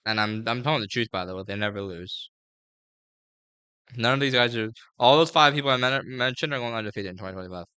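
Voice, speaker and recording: A man's voice: lowish voice, bright, forceful tone, clear, resonant tone, no echo. A man giving a casual, rambling fight breakdown, full of fillers and slang. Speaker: MMA fight previewer.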